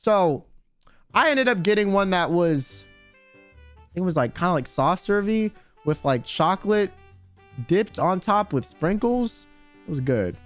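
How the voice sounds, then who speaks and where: A man's voice: high voice, animated, unhurried, long pauses, soft background music. A man streaming, telling a story in a rambling, slangy way and swearing freely. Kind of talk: casual chat storytelling.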